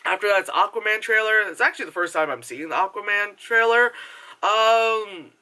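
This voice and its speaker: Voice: medium pitch, normal speed, sharp tone. A movie reviewer talking casually to a camera, swearing freely, filling the talk with fillers and tangents, and mimicking other people. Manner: heavy filler words, goes off on tangents. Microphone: camera mic.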